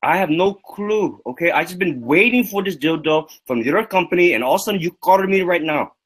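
A man's voice: high voice, expressive, a little fast, fairly bright tone, breathy edge. A man on a livestream making an indignant, swearing prank phone call and repeating himself.

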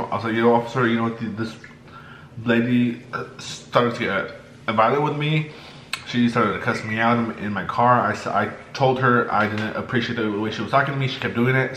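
A young man vlogging while eating, telling a story in a lively way and acting out the people in it. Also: mid-range voice. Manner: animated, acts out the people in his story. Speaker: mukbang vlogger. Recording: echoey room, faint background noise.

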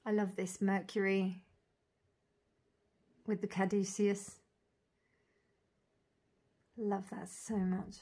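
Slow, dreamy woman admiring cards. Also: medium pitch, flat delivery, husky. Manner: dreamy, admiring, lingers on single words; soft laughs and gushing asides. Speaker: tarot reader reviewing an oracle deck. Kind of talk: casual unboxing walk-through.

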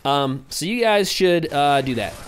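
Hyper, rambling young man, fairly high voice. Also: animated, unhurried, slight background noise. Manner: hyper, rambling, easily distracted. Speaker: gaming commentator. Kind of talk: casual gameplay commentary.

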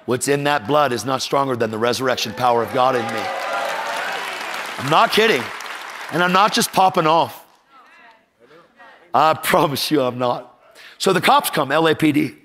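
A man's voice: mid-range voice, moderate pace, long pauses, some chatter behind. A middle-aged man preaching a storytelling sermon, full of energy, acting out the voices in his stories and joking with the audience. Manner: energetic, acts out quoted voices, jokes with the audience.

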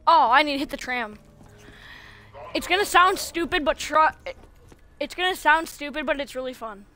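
A woman's voice: sits high, normal speed, bright, forceful tone. A woman streaming a video game, chatting casually and coaxing, repeating herself a lot. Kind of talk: casual live-stream chatter while playing.

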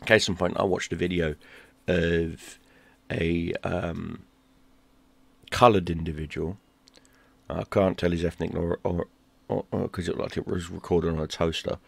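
A man ranting in a heated, profane monologue, dropping to a mutter and then bursting out loud. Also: level tone, measured pace, vocal fry, pauses often, dry recording. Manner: heated and profane, swings between low mutter and loud outbursts. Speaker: gaming YouTuber.

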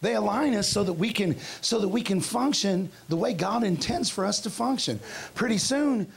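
A middle-aged male pastor preaching a revival sermon, telling stories and acting out his own past outbursts with shouts, in a church. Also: high voice, expressive, normal speed, vocal fry, breathy edge. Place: church sanctuary.

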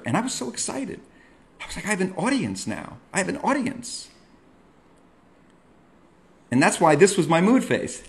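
Middle-aged male comedian host, ranting monologue, bright edgy tone. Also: fairly high pitch. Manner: animated, self-mocking ranting with sudden yells. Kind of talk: comic monologue.

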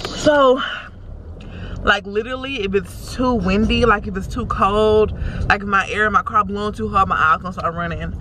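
A woman's voice: medium pitch, normal speed. A woman, a makeup artist talking casually to her vlog camera while driving, rambling and easily exasperated. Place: in a car while driving in traffic. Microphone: camera in the car. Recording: car noise behind the voice.

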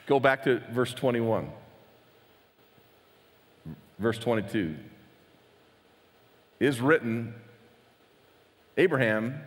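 Animated man preaching in a reverberant hall. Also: medium pitch. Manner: animated, conversational preaching with acted-out quotes. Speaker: pastor. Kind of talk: sermon.

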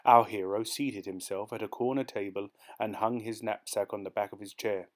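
A man reading a short story aloud as an audiobook narrator, steady and measured. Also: on the low side.

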